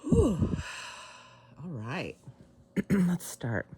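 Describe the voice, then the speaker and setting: A woman giving a casual tarot reading to camera, excited and emotional, with sighs. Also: sits low, moderate pace. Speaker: tarot reader. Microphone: camera mic.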